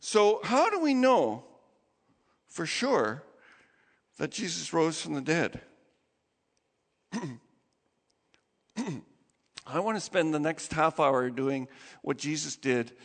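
A man preaching a sermon as pastor, telling stories in an animated way with laughs and acted-out quotes, in a church. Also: on the high side, long reverb tail.

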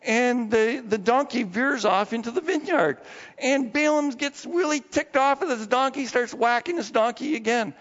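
A man's voice: extremely high pitch, moderate pace, a bit bright. A man preaching a sermon, telling a story in a casual, folksy way. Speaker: pastor. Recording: dull lo-fi echoey hall.

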